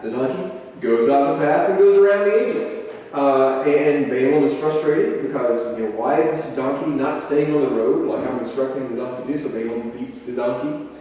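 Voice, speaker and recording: A man's voice: on the high side, dark tone. A man teaching a conversational Bible lesson, retelling stories loosely with many hesitations and restarts. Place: church meeting room. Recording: echoey hall from a distant mic.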